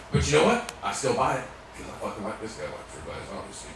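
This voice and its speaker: A man telling animated, profane sales stories to a live audience. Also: medium pitch, quick pace. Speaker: sales technician speaking to an audience. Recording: echoey room, mic far off, faint room noise.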